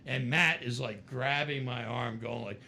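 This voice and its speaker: This middle-aged guest musician speaks at a medium pitch, a little slowly, with a creaky voice. Chatting in a casual interview, he's an animated storyteller who performs the voices of the people in his tales.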